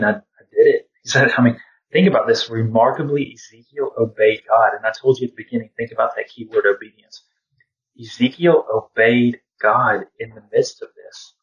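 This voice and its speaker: A man leading an informal Bible study, talking in a reflective, conversational way and often saying "you know". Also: mid-range voice. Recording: distant, dull lo-fi sound.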